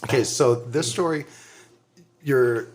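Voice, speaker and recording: A middle-aged man co-hosting a podcast, spinning a rowdy anecdote with lots of laughter and casual profanity. His voice sits at an ordinary middle pitch, and his delivery is loose and animated. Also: takes it slowly, very noisy. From Southern California. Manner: animated, laughs often, swears freely. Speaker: podcast co-host. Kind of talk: casual storytelling.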